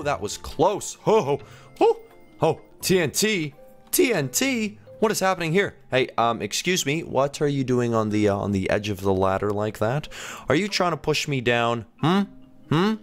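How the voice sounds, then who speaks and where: Chatty man commentating a game. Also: mid-range voice. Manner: chatty, joking, quick excited reactions. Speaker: gaming commentator. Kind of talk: playthrough commentary.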